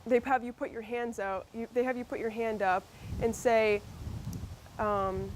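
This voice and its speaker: A woman's voice: on the high side, fairly even intonation, unhurried, slight background noise. A woman with a Massachusetts accent presenting a workshop, talking conversationally with fillers and restarts. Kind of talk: instructional workshop talk.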